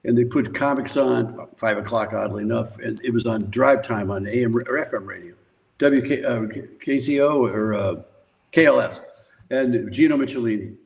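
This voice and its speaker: An older man guesting on a podcast tells rambling, profane anecdotes in casual storytelling, laughing often. His medium-pitched voice is creaky and moves at a normal speed, and the recording is rough.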